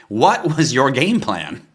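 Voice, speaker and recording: Pitched fairly low with a touch of brightness, this man's voice drives a passionate rant on his casual crypto livestream. He swears frequently, asks rhetorical questions, and pleads with his audience.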